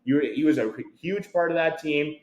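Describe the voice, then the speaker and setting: A man's voice: fairly high pitch, moderate pace, echoey room, poor audio. A man hosting a podcast, rambling and hyped, repeating himself as he chats casually. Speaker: podcast host. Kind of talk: casual chat.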